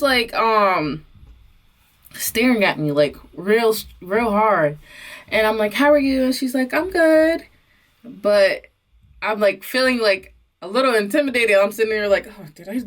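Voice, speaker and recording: A young woman vlogger telling a casual, bubbly story about meeting her husband's family, full of fillers and quick asides. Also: mid-range voice. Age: young adult. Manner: bubbly, animated, many fillers.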